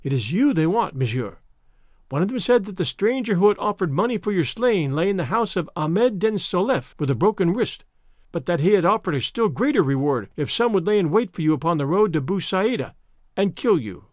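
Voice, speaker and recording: An eager young captive woman from an old adventure storybook, as a man reads her lines. She talks breathlessly and pleadingly, her voice climbing high and swinging widely. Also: very animated, brisk, a little mellow, no echo, clean studio sound.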